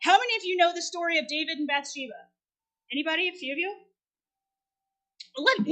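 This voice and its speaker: Woman minister in her forties, very high bright voice, chatty storytelling sermon delivery. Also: expressive, moderate pace, long pauses. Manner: conversational storytelling preacher, asks the congregation questions.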